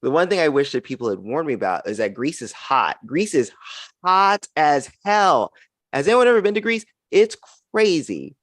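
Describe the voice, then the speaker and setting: A young man doing a stand-up comedy set on a live video-call show, with an animated, punchy delivery and frequent laughs. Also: fairly high pitch, normal speed, no room sound. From United States.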